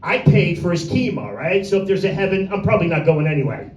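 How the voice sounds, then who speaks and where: A man with a high voice doing a crude, rambling stand-up set and picking on people in the audience by name. He is recorded from a distance in an echoey little room. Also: sing-song, fast talker, highs cut off. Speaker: stand-up comedian. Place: small room with a tiny audience.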